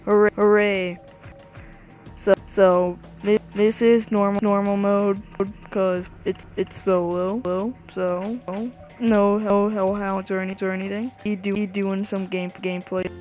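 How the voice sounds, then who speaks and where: A male speaker casually telling a rambling, animated story about his childhood while someone plays a video game. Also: high voice, a little slow, soft background music. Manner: rambling, animated, with lots of "anywho". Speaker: storyteller over gameplay.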